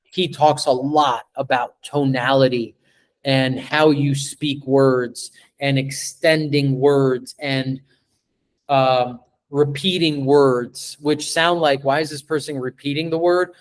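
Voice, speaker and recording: A man running a live sales training on a video call, animated, stretching and repeating words as he acts out pitches to a client. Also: takes it slowly.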